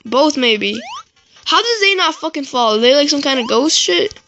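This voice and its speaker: A high, bright voice with a wide swing in pitch, delivering raging gameplay commentary. The speaker curses and yells in frustration, then drops into low muttering to himself. Soft music plays underneath. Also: lively intonation, moderate pace, highs cut off. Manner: swearing and yelling in frustration; muttering to self between outbursts. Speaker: gaming YouTuber.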